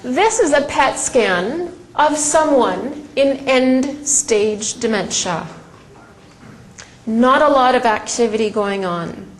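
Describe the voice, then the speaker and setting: A woman's voice: a little high, animated, takes it slowly, low-quality recording. A middle-aged woman giving a conversational lecture presentation, telling stories with frequent ums and restarts. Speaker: presenter and educator.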